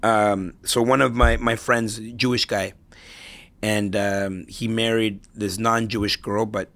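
A man's voice: on the low side, level tone, unhurried, fairly bright tone. A middle-aged man, a podcast guest, chatting casually and telling anecdotes to make his points, often repeating and restarting words. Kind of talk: casual interview storytelling.

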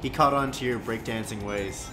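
A man's voice: medium pitch, moderate pace, reverberant. A young man co-commenting a let's play, teasing his friend with dry quips. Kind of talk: casual let's-play banter. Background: game music.

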